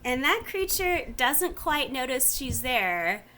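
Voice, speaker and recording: A woman's voice: sits high, big pitch swings, takes it slowly, bright, forceful tone, a little hiss or hum. A woman narrating a tabletop game as game master in a playful, descriptive way.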